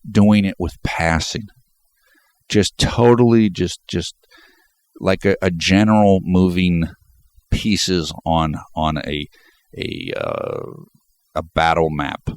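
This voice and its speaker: A man's voice: sits low, steady tone, slow, pauses often, a little mellow, dry recording. A man hosting a basketball fan channel, talking emphatically through a stuffed-up nose and repeating words as he builds his points. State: congested, stuffed up. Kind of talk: sports commentary vlog.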